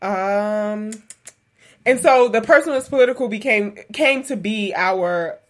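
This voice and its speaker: A woman's voice: medium pitch, a little slow. Chatty woman podcast host. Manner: chatty, laughs often, lots of fillers. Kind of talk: casual conversational podcast.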